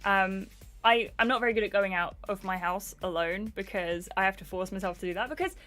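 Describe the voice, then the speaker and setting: A woman's voice: medium pitch, brisk, fairly bright tone, faint music behind. A young adult woman livestreaming a game, chatting casually and greeting viewers by name. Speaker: gaming livestreamer.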